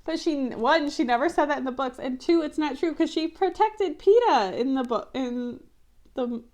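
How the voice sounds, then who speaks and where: Woman, vlogger, slightly high voice, animated, exasperated, chatty commentary. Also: normal speed. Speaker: book-to-movie review vlogger. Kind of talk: casual on-camera commentary.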